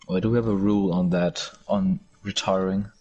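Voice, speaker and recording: A man's voice: deep voice, steady tone, moderate pace, warm tone, muffled recording. A young man in casual gaming voice chat, making brief, musing remarks. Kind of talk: casual voice chat during an online race.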